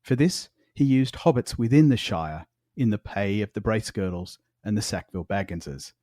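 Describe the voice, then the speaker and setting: A man with an Australian accent co-hosting a podcast, reading book passages in a measured way and chuckling often in casual discussion. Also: fairly low pitch, expressive, dark tone, dry recording, studio quality. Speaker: podcast co-host.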